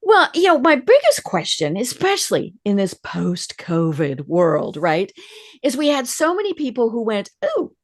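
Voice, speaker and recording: A woman's voice: on the high side, big pitch swings, moderate pace. A woman hosting a business podcast interview, chatting casually and murmuring agreement often. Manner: chatty, frequent affirming murmurs. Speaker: podcast host.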